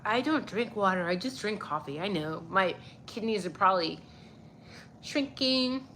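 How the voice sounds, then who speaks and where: A woman's voice: mid-range voice, expressive, unhurried, a bit bright, a little hiss or hum. A young woman hosting a casual livestream, greeting viewers by name and swearing freely, a little stuffy-nosed. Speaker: livestream host. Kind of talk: casual livestream chat reading viewer comments.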